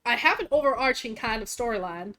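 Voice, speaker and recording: A vtuber host and game master chats casually, rambling about her game world with plenty of fillers and restarts. Her animated voice is on the high side, fairly quick and a bit bright.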